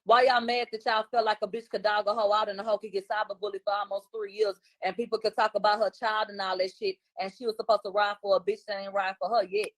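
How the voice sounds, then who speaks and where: A woman's voice: medium pitch, level tone, fast talker, few pauses, dry recording. A woman, a guest commentator on a livestream, talking bluntly and combatively in casual chat.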